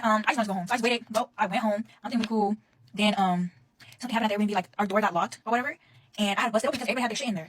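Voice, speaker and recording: A young woman telling a heated, profane storytime straight to her phone camera, talking casually and fast. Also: medium pitch, breathy edge, rough recording.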